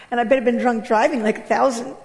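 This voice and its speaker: Woman, high voice, animated and candid church testimony, long hall reverb. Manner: animated, candid, laughing often. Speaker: guest speaker giving testimony.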